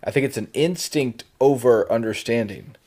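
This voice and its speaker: A man co-hosting a podcast, giving relaxed, brief responses and asides in casual chat. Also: mid-range voice, moderate pace. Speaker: podcast co-host.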